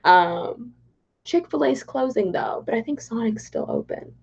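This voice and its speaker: A woman's voice: on the high side, measured pace, vocal fry, breathy edge. Bubbly young Texan woman on a lo-fi livestream. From Texas, Dallas. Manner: bubbly and excitable, reads chat aloud. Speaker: political vlogger. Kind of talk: casual livestream chat. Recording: dull lo-fi livestream audio.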